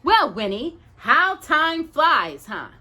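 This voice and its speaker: A woman's voice: high-pitched, very animated, takes it slowly, bright, forceful tone, voice pushed up, exaggerated voice. A woman voicing a hungry witch sister who sniffs out children, sly and relishing her words. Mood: gleeful menace.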